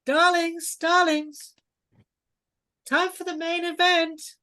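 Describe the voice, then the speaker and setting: A woman's voice: extremely high pitch, flat delivery, slow, bright, forceful tone, pitched above the performer's own voice, heavily acted. A woman voicing a grand noblewoman hostess with a piercing, theatrical way of announcing. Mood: excited.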